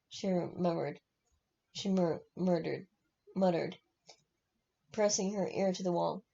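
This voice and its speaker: A woman's voice: on the low side, measured pace, vocal fry, dark tone. A woman reading a novel aloud, often slipping and correcting herself, on a dull lo-fi recording. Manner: frequent slips and self-corrections. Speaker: reader.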